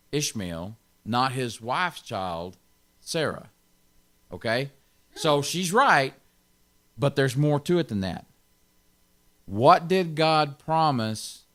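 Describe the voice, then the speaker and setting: A man's voice: mid-range voice, a bit bright. A man pastor giving an informal Bible teaching, stressing key words and chuckling often.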